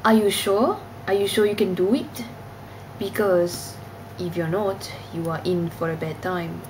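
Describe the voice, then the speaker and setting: A woman voicing a stern figure in a made-up European accent, slow and ominous. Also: on the low side, a little mellow, recorded from a distance, a little hiss or hum, close to an everyday voice, rough recording. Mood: warning. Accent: faux European.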